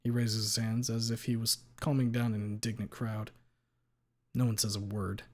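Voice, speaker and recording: A man reading a story aloud on a live stream, steady in delivery, with playful asides when he slips. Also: on the low side, moderate pace.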